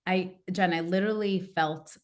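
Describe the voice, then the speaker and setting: A woman, a coach and podcast guest, telling a personal story in a lively way and acting out what her family said. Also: on the low side, moderate pace. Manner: animated, acts out quoted family members. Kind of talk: casual interview storytelling.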